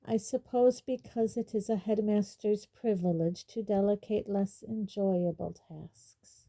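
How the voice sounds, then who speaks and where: Brief: cold, sneering male schoolmaster wizard, read by a woman, slow, mellow, silky menace. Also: medium pitch. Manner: quietly waspish, silky.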